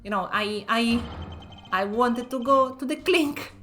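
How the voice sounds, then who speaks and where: A woman voicing a brash young male gangster with a put-on Russian-sounding accent, loud and swaggering. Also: fairly high pitch, a little slow, soft background music. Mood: cocky.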